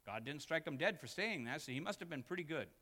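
A male pastor preaching a sermon, swinging from loud, emphatic peaks to hushed, quiet asides. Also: on the high side, expressive, fast. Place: church. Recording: long reverb of a church hall.

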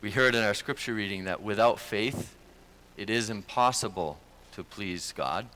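A man's voice: fairly low pitch, moderate pace, bright, forceful tone. A man preaching a sermon as pastor, speaking in an earnest, conversational way.

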